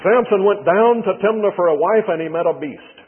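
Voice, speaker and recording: A man's voice: sits high, expressive, fairly quick, slightly rough. A man preaching a sermon who teaches through folksy storytelling with touches of humor. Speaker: pastor. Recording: tinny broadcast with long hall reverb.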